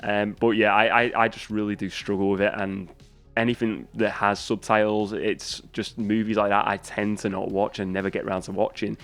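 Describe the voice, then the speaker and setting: A man chatting casually to camera about movies. He rambles, restarts his sentences and pokes fun at himself. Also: on the low side. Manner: chatty, rambling and self-deprecating, with many restarts. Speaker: movie YouTuber. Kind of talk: casual vlog chat.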